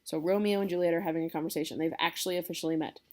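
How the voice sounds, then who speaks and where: A woman's voice: fairly low pitch, fairly even intonation, racing, darkish tone. A woman teacher giving a casual classroom lecture, explaining a play and checking in with her students.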